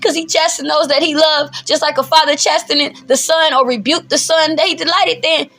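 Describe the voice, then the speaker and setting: A woman teaches scripture in an emphatic, preacherly way. Her voice sits high and sounds bright and forceful. She talks colloquially and laughs often between points. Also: steady tone, brisk. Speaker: bible teacher.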